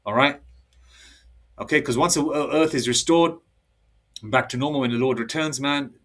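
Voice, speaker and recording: Casting note: man in his fifties, heated street-preacher monologue, mid-pitched, laptop mic set back. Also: normal speed, distant mic. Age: 50s. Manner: forceful, repetitive, ends phrases with "all right?". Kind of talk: heated sermon-style monologue.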